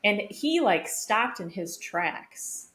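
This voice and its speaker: A woman's voice: medium pitch, sing-song, slow, fairly bright tone. A woman co-hosting a podcast, telling a personal story in an open, reflective way with lots of casual fillers. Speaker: podcast co-host. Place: home room, vacuum running outside the door. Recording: echoey room, faint background noise.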